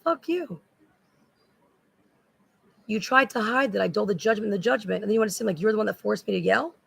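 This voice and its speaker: An agitated woman talks in a rambling monologue, circling back to the same phrases. Her voice is heavily gravelly and tense, with a husky edge. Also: mid-range voice, brisk, fairly bright tone, rough recording.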